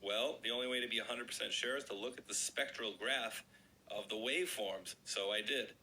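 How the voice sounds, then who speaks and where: Chatty man with a bright, raspy voice. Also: medium pitch, a little fast, slight background noise, poor audio. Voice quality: slightly raspy. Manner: chatty, addresses viewers as guys. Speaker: online video host. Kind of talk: casual commentary, reading an article aloud.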